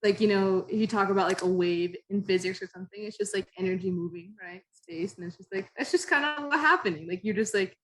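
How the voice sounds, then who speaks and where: A woman's voice: mid-range voice, fast, hardly any pauses, rough recording. A woman, a guest climber, chatting casually and searching for words with many fillers. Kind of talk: casual podcast chat.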